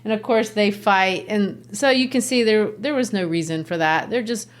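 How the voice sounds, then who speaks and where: A woman from Brazil, hosting a podcast and casually explaining a play, chatty and quick to laugh. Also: medium pitch. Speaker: podcast host. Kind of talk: literature lesson, casual explaining.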